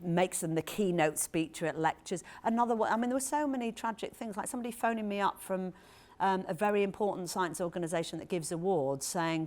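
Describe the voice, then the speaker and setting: A woman author in conversation at a live event, telling an anecdote in a lively, animated way with quick asides. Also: lowish voice. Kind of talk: storytelling talk at a live event. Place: event hall with audience.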